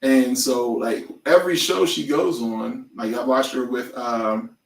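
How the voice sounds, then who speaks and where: A man co-hosting a podcast in casual chat, animated and prone to loud outbursts and impressions. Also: medium pitch, a little slow, creaky, roomy sound, far from the mic. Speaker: podcast co-host.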